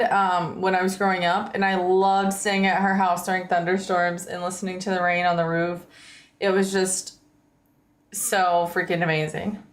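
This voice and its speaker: A woman streamer talks casually to her viewers, rambling, with lots of "like" and "um". Her voice is slightly hoarse and sits at a middle pitch for a woman. The room has a noticeable echo. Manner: rambling, chatty, frequent likes and ums. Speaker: livestreamer.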